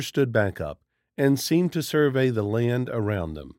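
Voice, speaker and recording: A man reading a horror story aloud as narrator in a steady, dramatic storytelling manner. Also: fairly low pitch, a little slow, no room sound, clean studio sound.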